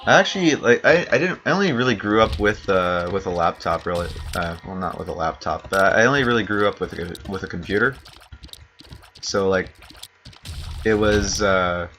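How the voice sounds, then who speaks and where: Bright-voiced rambling male gamer. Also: low voice, moderate pace, a little hiss or hum. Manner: rambling, self-correcting, chuckling asides. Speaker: gaming channel host. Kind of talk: casual let's-play commentary.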